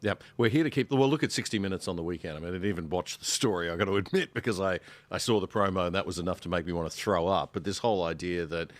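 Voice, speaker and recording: Lowish-voiced earnest Australian man. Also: very fast, hardly any pauses, no echo. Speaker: podcast guest, show host. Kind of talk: panel podcast discussion.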